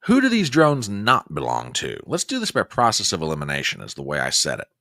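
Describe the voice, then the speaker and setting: A man's voice: low-pitched, wildly swooping pitch, a little fast, sharp tone, dry recording. A man hosting a casual news commentary livestream, folksy and chatty as he talks straight to his viewers. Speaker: host.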